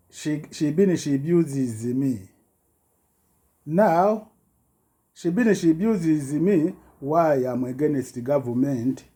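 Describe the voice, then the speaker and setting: Slow halting man in broken English. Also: fairly high pitch, warm tone. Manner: halting broken English, many restarts and repetitions. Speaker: self-recorded complainant. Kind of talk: rambling personal account.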